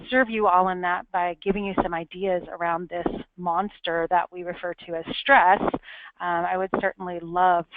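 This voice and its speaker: A woman's voice: fairly low pitch, dry recording. A woman giving a candid, earnest talk as a webinar speaker, telling a personal story. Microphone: webinar call audio. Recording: tinny phone-like webinar audio, dry.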